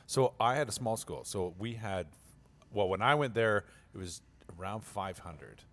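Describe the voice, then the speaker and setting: A man in casual chat who keeps jumping in with questions and quick agreement. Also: lowish voice, animated, a bit bright. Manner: eager interjector, quick agreeing back-channels.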